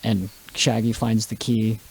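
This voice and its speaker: Animated male podcast storyteller. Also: lowish voice, unhurried, breathy edge, poor audio. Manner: animated storyteller, speeds up as he tells a joke. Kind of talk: casual chat.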